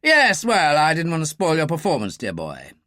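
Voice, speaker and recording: Narrator playing an older brigadier, clipped upper-class, wry, lively pitch, dry close recording. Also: moderate pace, no room sound.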